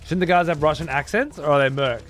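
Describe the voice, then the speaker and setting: A young man with a fairly high, slightly bright voice talks fast, swearing casually as he plays a game and thanks his viewers. He's a let's play streamer.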